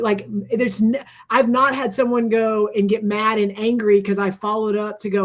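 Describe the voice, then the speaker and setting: A woman's voice: medium pitch, flat delivery, moderate pace, few pauses. A woman co-hosting a live stream, giving relationship advice in emphatic, repetitive casual talk. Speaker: co-host of a live show.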